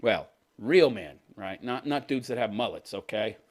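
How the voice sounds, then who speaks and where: In a lowish, animated voice at an ordinary pace, a man in his fifties who hosts a commentary channel reads a news report. He mocks it with crude sarcasm and chuckles at his own remarks.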